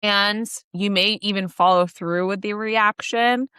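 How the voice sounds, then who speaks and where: A woman's voice: medium pitch, fairly even intonation, measured pace, pushed and bright, clear, resonant tone, no echo, clean studio sound. A woman co-hosting a podcast, talking in a reflective, coaching way with casual fillers. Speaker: podcast co-host. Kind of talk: casual chat.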